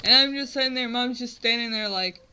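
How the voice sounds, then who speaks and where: This US vlogger, a woman in her twenties, tells a funny personal story to camera in a rambling, self-mocking way, with filler words and plenty of "like." She talks fairly quickly in a voice on the high side, pushed and bright. The audio is poor, with slight background noise.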